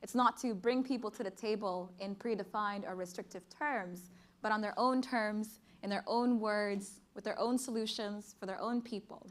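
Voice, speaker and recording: A woman's voice: mid-range voice, fairly even intonation, normal speed. A young woman from Sudan giving a conference speech and performing spoken-word poetry in an earnest, emphatic, rhythmic way. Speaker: speaker and poet. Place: conference stage before an audience.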